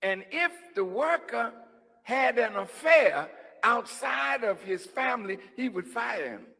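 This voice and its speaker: A man preaching a sermon, teasing and conversational, dropping to hushed asides and then rising to shouts. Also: very high voice, animated, slow pace, creaky. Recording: long hall reverb.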